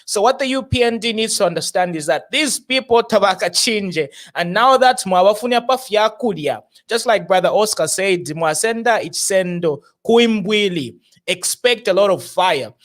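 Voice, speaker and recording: A man's voice: sits high, animated, moderate pace, few pauses, a bit bright. A man hosting a political discussion panel, speaking English with local phrases mixed in. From Zambia. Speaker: show host.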